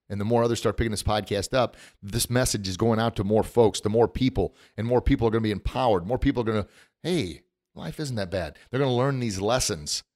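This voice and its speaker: A middle-aged man hosting a motivational podcast, standing at a studio microphone and talking with animated emotion, often laughing at himself. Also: lowish voice. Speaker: podcast host. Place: recording studio.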